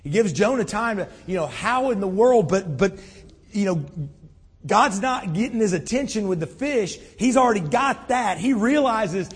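A man preaching a sermon with impassioned delivery, his voice swelling loud and then dropping low. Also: lively intonation, moderate pace, slightly rough. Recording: long reverb in a large hall.

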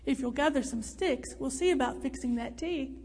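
A woman's voice: sits high, moderate pace, darkish tone. A woman voicing a burly, cheerful man who speaks in a formal, old-fashioned way. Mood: hearty. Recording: reverberant room.

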